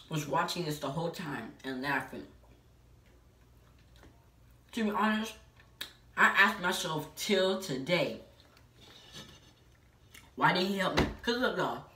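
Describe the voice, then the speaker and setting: A woman with a low voice tells a personal story to her viewers, emphatic and full of filler "like"s. She sounds some distance from the mic in an echoey room. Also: fairly bright tone. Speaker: vlogger. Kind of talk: casual storytelling.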